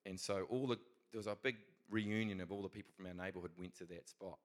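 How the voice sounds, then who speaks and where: A man's voice: low voice, fairly even intonation, fast. A middle-aged man with a New Zealand accent telling a faith story in a casual, rambling, earnest way, with many restarts. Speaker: Christian speaker telling a testimony.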